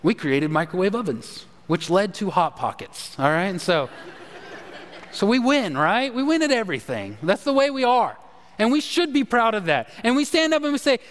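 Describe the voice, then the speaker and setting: A man's voice: very high voice, sing-song, unhurried, a bit bright, in a large hall. A man preaching a sermon with emphasis, asking his congregation questions. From Texas. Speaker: pastor.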